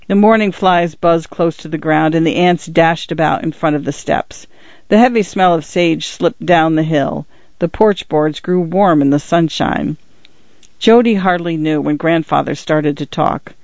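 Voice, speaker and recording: A man's voice: on the high side, fairly even intonation, normal speed, a little mellow, no echo. Man narrating an audiobook, dry and muffled. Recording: dull, lo-fi dry recording.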